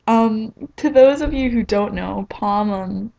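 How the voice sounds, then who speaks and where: A woman's voice: medium pitch, normal speed, vocal fry, lo-fi sound. A young woman telling a rambling, self-mocking story in a casual vlog, filling it with "like.". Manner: chatty and rambling, heavy on "like". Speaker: vlogger.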